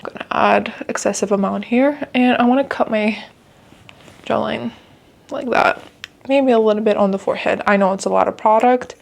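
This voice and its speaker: A woman's voice: mid-range voice, normal speed, gravelly. A young woman chatting casually through a makeup tutorial, talkative and heartfelt with lots of filler words. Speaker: beauty vlogger.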